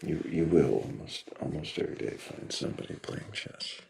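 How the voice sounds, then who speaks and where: A man hosting a live stream in casual chat, halting and repeating words as he greets viewers. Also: extremely low pitch, lively intonation, vocal fry, a little mellow, slightly rough. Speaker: livestream host.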